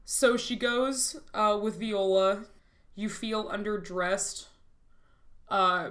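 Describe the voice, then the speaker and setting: A woman reads fanfiction aloud for laughs, giving the dialogue big theatrical lines and breaking off into dry commentary. Her voice sits at an ordinary middle pitch, and she keeps slipping into laughter at the text. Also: a bit bright. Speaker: host reading fanfiction aloud. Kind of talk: comedic dramatic reading with asides.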